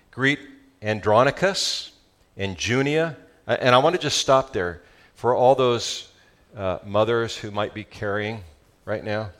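A male pastor with a Southern California accent preaching a sermon, animated and joking with his congregation. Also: fairly low pitch.

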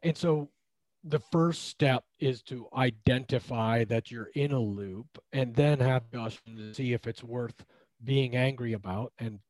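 A man in casual conversation, speaking in a measured, reflective way. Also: medium pitch, darkish tone, no echo, poor audio.

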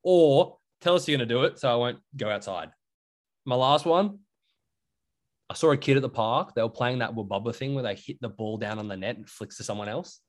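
A man's voice: medium pitch, fairly quick. A young Australian man co-hosting a podcast in casual chat, rambling with lots of fillers. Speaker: podcast co-host.

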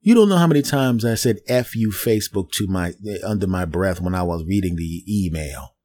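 Middle aged guy ranting on his podcast, lowish mellow voice, gets real animated. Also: brisk. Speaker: podcast host. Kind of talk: ranting solo podcast monologue.

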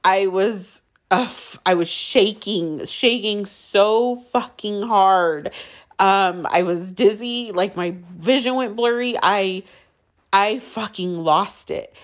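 A woman telling a raw, emotional story from her own life in casual speech, often saying "like" and swearing. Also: medium pitch.

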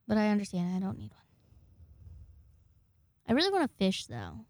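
A woman's voice: mid-range voice, wildly swooping pitch, normal speed, a little mellow, no echo. A young woman in her twenties telling rambling, jokey, profane stories to camera in a casual vlog. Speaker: vlogger.

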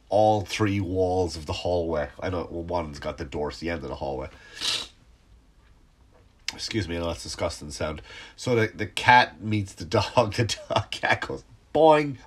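A middle-aged comedian with a congested, sniffly voice, telling a rambling, profane story in a casual comic monologue. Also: male voice, deep voice. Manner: rambling, profane, self-interrupting. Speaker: stand-up comedian hosting a podcast.

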